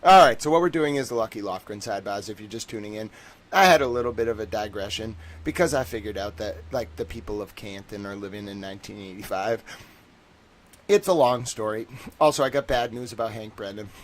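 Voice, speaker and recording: A man's voice: fairly low pitch, brisk. A man hosting a livestream, rambling and joking casually, with lots of filler words. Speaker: livestream host.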